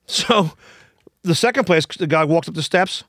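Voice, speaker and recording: A man's voice: fairly high pitch, animated, normal speed, fairly bright tone, dry recording, clean studio sound. A man on a podcast, telling rambling anecdotes in casual chat, with frequent restarts. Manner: rambling, restarts, laughs often.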